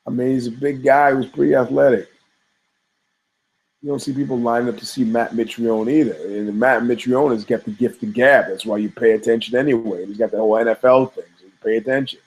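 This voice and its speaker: A man's voice: medium pitch, rough recording. Profane rambling man telling stories. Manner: profane, storytelling, many restarts and asides. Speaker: podcast host. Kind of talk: rambling casual commentary.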